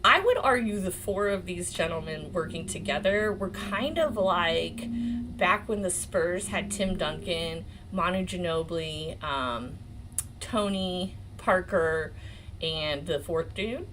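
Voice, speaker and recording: An excitable American woman in her forties hosts a casual legal commentary livestream. Her pitch swings widely as she gushes, swears and laughs. A faint hiss sits under her voice. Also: takes it slowly. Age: 40s. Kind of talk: casual live-stream commentary.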